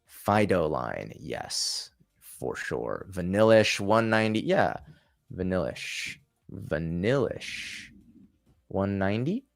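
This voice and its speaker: A man's voice: sits low, very animated, takes it slowly, gravelly. A man hosting a casual livestream, chatting and thinking aloud with frequent restarts. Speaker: channel host.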